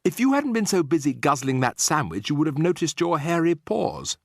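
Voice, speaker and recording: A man's voice: on the high side, big pitch swings, moderate pace, vocal fry, no room sound, studio quality, pitched above the performer's own voice, heavily acted. A man voicing a clever young boy who has been turned into a mouse and speaks earnestly and persuasively. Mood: matter-of-fact.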